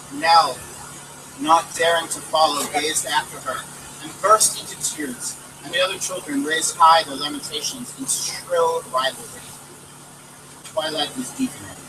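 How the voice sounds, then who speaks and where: A man reading a story aloud in a lively, expressive way, recorded outdoors from a distance with street traffic behind. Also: fairly high pitch. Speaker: volunteer reader. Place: outdoors near a city hall.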